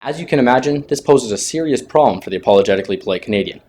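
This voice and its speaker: A man's voice: medium pitch, expressive, rapid-fire, darkish tone, slight background noise. A man narrating a training video in a wry, mock-serious scripted way.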